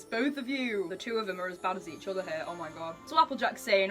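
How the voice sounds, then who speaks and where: A woman's voice: on the low side, animated, brisk, hardly any pauses, fairly bright tone, soft background music. A woman reacting to a comic as she reads it, gushing and giggly with lots of exclamations. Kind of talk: excited reading reaction.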